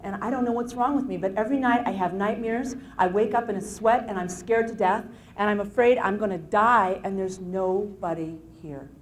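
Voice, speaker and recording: A frightened, lonely middle-aged woman on the phone, as a speaker quotes her, soft and hesitant and close to tears. Her voice is quiet and a little lower than usual. A faint hiss sits behind it. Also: normal speed, few pauses, lightly acted. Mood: tearful.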